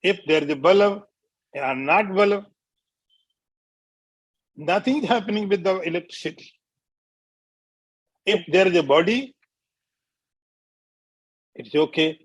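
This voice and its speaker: Swami guy giving a spiritual lecture, real slow, kinda high voice, dry close sound. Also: slightly rough, no room sound, muffled recording. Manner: slow, deliberate, repeats key phrases and chants verses. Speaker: swami teaching scripture.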